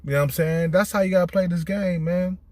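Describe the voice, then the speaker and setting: A middle-aged man talking casually and bluntly, swearing often and repeating "you know what I'm saying," his voice climbing high and animated when he retells others' words. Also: fast talker, no echo. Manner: animated, rising high when quoting texts. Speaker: vlogger. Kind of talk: casual monologue.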